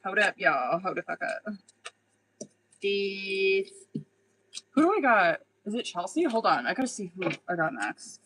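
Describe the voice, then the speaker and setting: Casting: young woman tarot reader on a live stream, bright tone, blunt, swears a lot, chatty. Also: mid-range voice, lively intonation, unhurried, long pauses, husky, low-quality recording. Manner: blunt, profane, chatty, laughs often.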